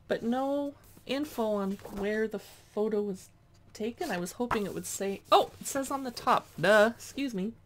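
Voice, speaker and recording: A woman's voice: mid-range voice, a little hiss or hum. A woman chatting casually as she pages through a cookbook, reading dish names aloud with little asides. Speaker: cookbook reviewer.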